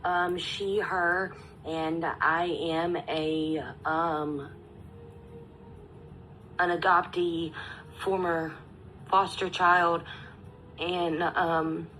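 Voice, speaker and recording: A woman in her thirties speaking as a guest on a live stream panel, halting and tearful, with many pauses and fillers. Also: lowish voice, level tone, a bit bright, a little hiss or hum, poor audio. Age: 30s. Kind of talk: emotional live stream sharing.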